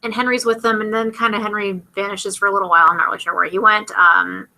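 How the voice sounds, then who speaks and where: Bright, chatty young woman vlogger. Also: medium pitch, fairly even intonation, vocal fry, rough recording. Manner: chatty, rambling, acts out characters' lines in quick asides. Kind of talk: casual TV episode recap.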